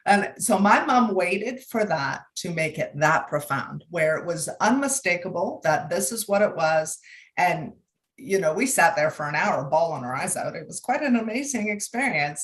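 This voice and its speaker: A middle-aged woman who hosts the show and works as a medium, telling stories in an animated way over a video call. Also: on the low side. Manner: animated storyteller, acts out quotes. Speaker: host, psychic medium. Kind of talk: live show storytelling.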